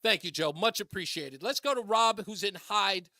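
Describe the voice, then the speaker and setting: A man's voice: sits high, moderate pace, pushed and bright, no room sound, clean studio sound. A male radio talk show host on a political call-in show, emphatic and repeating phrases for effect. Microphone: studio microphone.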